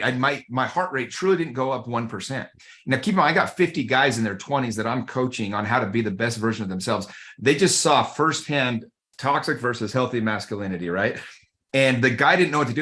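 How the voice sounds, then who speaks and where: Animated male podcast guest telling a story. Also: mid-range voice. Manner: animated, conversational, addresses the host by name. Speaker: guest, men's group coach.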